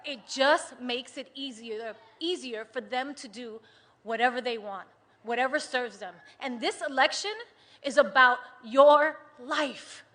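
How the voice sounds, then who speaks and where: A woman from the United States giving an impassioned political rally speech at a large venue, shifting from soft and earnest to shouting to the crowd. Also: sits high, unhurried. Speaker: rally speaker. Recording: loud crowd noise from a live rally. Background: cheering crowd.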